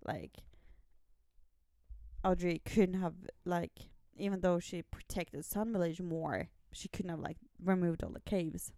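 A woman co-hosting a podcast, chatting casually about comics and often chiming in with quick agreement. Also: lowish voice, lively intonation, dark tone, no room sound, clean studio sound. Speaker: podcast co-host.

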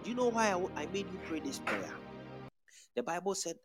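Preacher man, lively swinging pitch, music bed behind, sermon with tongues. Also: brisk. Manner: preaching with lively rising calls.

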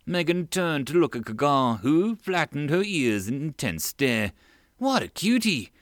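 A man's voice: medium pitch, dry recording, clean studio sound. A man reading a web-novel audiobook aloud, narrating and voicing every character. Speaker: audiobook reader.

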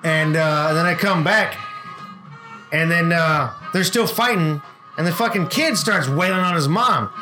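A man's voice: fairly high pitch, measured pace, over music. A man co-hosting a casual podcast, telling a work story with lots of swearing and acted-out quotes. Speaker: podcast co-host.

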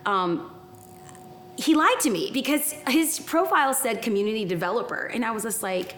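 A woman guest chatting casually, telling a lively story, acting out quotes and poking fun at herself. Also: a little high, normal speed. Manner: animated storyteller, acts out quotes, self-mocking. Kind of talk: casual chat. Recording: roomy studio sound.

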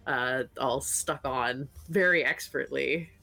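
A woman's voice: rumbling low, creaky. A woman playing a tabletop game, describing her character casually with many fillers. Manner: relaxed, halting, with many fillers. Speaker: tabletop player. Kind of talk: casual chat.

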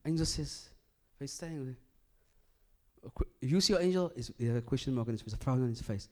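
A man preaching a sermon, swinging from loud emphatic bursts to hushed low lines and repeating phrases as he builds a point. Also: lively intonation, rapid-fire.

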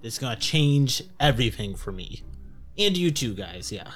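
A man's voice: mid-range voice, sing-song, moderate pace. A man voicing a frantic, anxious male creature in a gas mask, stammering and fretting in a tabletop role-playing game. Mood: urgent.

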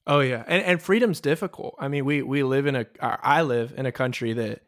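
A man's voice: medium pitch, fairly quick, a bit bright, no echo. Man, podcast host, reflective, thoughtful, dry close recording. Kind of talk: casual conversation.

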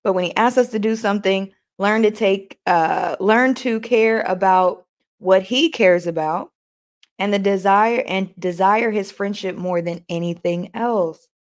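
A woman's voice: medium pitch, measured pace. Woman, host, casual motivational chat, folksy, laughs often, reads from a book. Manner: chatty, folksy, addresses viewers as y'all, laughs often; reads aloud from a book between comments. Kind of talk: casual motivational talk to a live audience.

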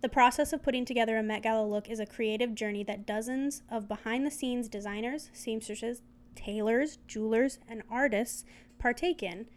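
A woman's voice: a little high, moderate pace. Giggly young woman reading notes aloud. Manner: chatty, giggly, reads aloud then riffs. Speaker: podcast co-host.

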